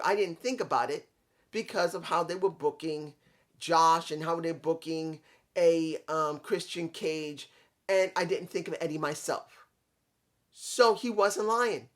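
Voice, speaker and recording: A man's voice: fairly high pitch, a little slow, a bit bright. A man giving a casual, rambling spoken review of a wrestling show, talking straight to his viewers.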